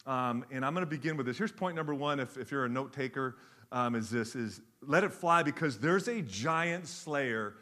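Bright-voiced preacher, lively storytelling. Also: male voice, medium pitch, normal speed. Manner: animated storytelling with jokes, varied pace. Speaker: pastor. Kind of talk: sermon.

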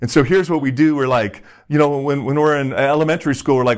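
A man's voice: fairly high pitch, fast talker, hardly any pauses. A middle-aged man preaching a sermon as a pastor, in a conversational, self-deprecating way, acting out quotes and using props.

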